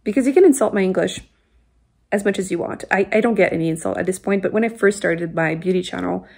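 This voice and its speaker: A French Canadian woman talking straight to her viewers in a relaxed book vlog. Her voice has a gravelly, husky edge, and she chats and vents freely, full of fillers and little laughs. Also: mid-range voice, fast talker. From Quebec, Canada. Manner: chatty and venting, with frequent laughs and fillers. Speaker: book vlogger. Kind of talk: casual vlog chat.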